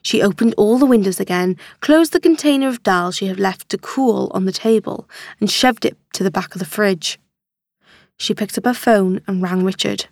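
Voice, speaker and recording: Woman with dry, measured audiobook narration. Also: medium pitch, a little mellow, dry recording. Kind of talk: scripted narration.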